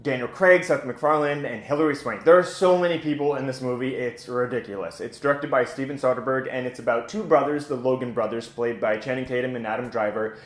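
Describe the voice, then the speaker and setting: A man's voice: medium pitch, a little fast, hardly any pauses, roomy sound. Blunt, chatty man reviewing a movie. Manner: blunt and opinionated, chatty with frequent "like". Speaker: movie reviewer, channel host. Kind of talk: casual spoken film review.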